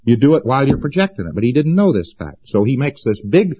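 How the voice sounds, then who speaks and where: A man's voice: medium pitch, big pitch swings, fast, hardly any pauses, slightly rough, muffled recording. A man giving an informal lecture to students, folksy and sarcastic, hammering points home by repeating them. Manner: folksy and sarcastic, with emphatic repetition.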